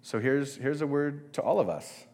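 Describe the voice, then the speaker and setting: A man's voice: a little high, moderate pace, darkish tone. A man preaching a casual sermon, talking conversationally and with some self-deprecation, and addressing the congregation directly.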